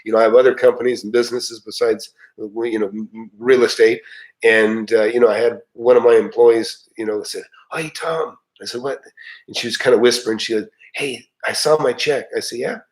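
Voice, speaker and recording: A man's voice: on the low side, little pitch movement, fairly quick, poor audio. Middle-aged male live-stream host, loose folksy delivery, lots of uh and restarts. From United States. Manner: rambling, folksy, many fillers and restarts. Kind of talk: casual live chat.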